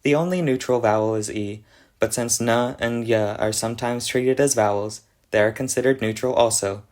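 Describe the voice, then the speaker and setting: A man's voice: mid-range voice, normal speed, a little mellow. A man narrating a scripted explanation of an invented language, with a dry, mock-serious delivery. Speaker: conlang video narrator.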